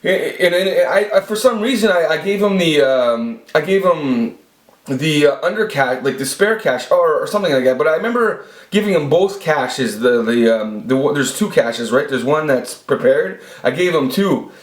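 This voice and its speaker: A vlogger in his forties, recording himself on a camera he set up in an echoey room, rambles through profane stories from his past. His voice sits on the high side, expressive, at a normal speed.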